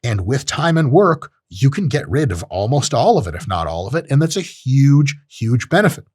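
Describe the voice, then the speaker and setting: A man's voice: medium pitch, sing-song, normal speed, a little mellow, breathy edge, no room sound, studio quality. A man hosting a podcast, giving a blunt, profane casual monologue and acting out short voices. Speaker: podcast host. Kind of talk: casual monologue on self-improvement.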